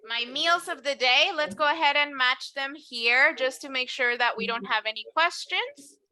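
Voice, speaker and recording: A woman's voice: high-pitched, bright, forceful tone, slight background noise. A woman teaching an English class, explaining patiently and switching to Spanish to clarify. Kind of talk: online English lesson.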